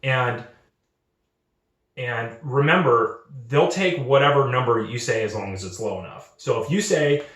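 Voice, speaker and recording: A young channel host gives casual, earnest advice to junior developers, often repeating and restarting his words and acting out quoted recruiters in lively voices. His voice is mid-range, and the room is echoey.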